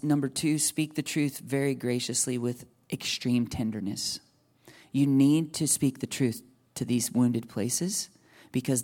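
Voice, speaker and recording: A man with a gravelly, dark voice delivers a sermon. His tone is earnest and tender, and he often sinks to hushed near-whispers. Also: medium pitch. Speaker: pastor.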